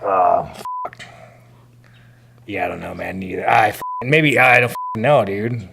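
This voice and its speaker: A man's voice: on the low side, measured pace, creaky. A man chatting bluntly on a podcast, swearing often and laughing a lot. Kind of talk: casual podcast chat.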